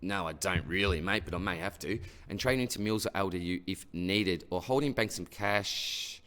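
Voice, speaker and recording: A deep-voiced Australian man runs a relaxed mailbag segment, easygoing and conversational. He talks to each listener like an old mate and tacks a friendly "mate" or "buddy" onto nearly every sentence. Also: moderate pace. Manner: matey and chatty, tags most sentences with "mate" or "buddy". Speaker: fantasy sports host answering listener questions. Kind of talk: casual mailbag Q&A.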